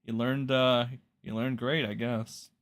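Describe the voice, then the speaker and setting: A man's voice: medium pitch, little pitch movement, unhurried, background noise. A man doing casual livestream commentary, blunt and profane, rambling loosely as he reacts to chat. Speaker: streamer reacting to drama.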